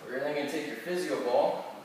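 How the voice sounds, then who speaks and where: A man's voice: a little high, a little fast, a little mellow, distant mic, slight background noise. A man, a chiropractor, talking viewers through back exercises step by step and restarting his phrases now and then. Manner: step-by-step coaching with small restarts. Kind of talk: exercise instruction. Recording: very echoey room, heard from afar.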